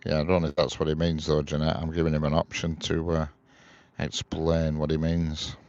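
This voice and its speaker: Man, very low gravelly voice, casual live-stream chat outdoors, reads comments aloud, slightly muffled lo-fi audio. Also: completely flat delivery, normal speed, darkish tone. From England. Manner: chatty, reads viewer comments aloud and answers them. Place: outdoors beside a railway line.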